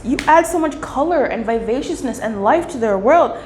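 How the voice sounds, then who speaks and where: A woman giving a casual tarot reading, playful and animated, who swears freely and acts out little voices. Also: sits high, moderate pace. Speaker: tarot reader. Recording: echoey room with faint hiss.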